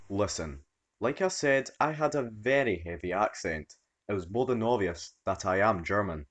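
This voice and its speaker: Expressive low-voiced male narrator. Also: normal speed. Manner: expressive storytelling read. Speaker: story narrator. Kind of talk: scripted narration.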